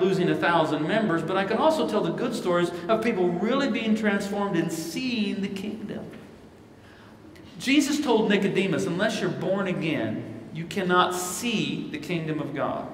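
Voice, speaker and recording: This man's voice sits high, and a little hiss or hum runs under it. He's a pastor and keynote speaker from Missouri, United States, giving a preaching-style answer at a live conference Q&A, telling stories and quoting scripture in lively voices. The large hall makes the sound echoey, and he's picked up from a distance.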